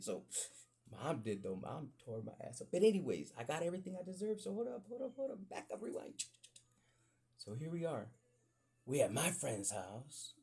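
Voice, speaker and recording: A man's voice: mid-range voice, gravelly, darkish tone, slightly rough. A man casually telling rambling, profane stories on a podcast and acting out the quoted voices of his family. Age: adult with children. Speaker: podcast host. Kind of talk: casual storytelling.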